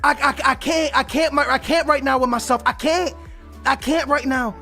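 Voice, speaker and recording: A young man opening game card packs, excitable and stammering, his voice shaky with excitement as he keeps calling out to his viewers. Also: very high voice, normal speed, vocal fry, faint music behind. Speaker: gaming YouTuber. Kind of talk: excited pack-opening commentary.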